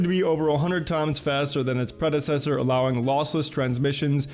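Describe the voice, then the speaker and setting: A man's voice: on the high side, steady tone, brisk, darkish tone, faint music behind. Chatty man hosting a video show. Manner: chatty, many filler ums and uhs. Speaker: host. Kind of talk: casual video commentary reading headlines.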